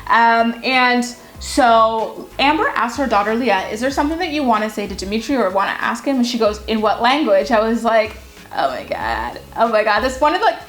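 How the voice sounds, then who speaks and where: Chatty young woman, slightly high voice. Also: fairly quick, few pauses, fairly bright tone, soft background music. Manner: candid, gossipy, filler-heavy with lots of "like". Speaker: reality TV recap host. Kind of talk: casual opinionated recap.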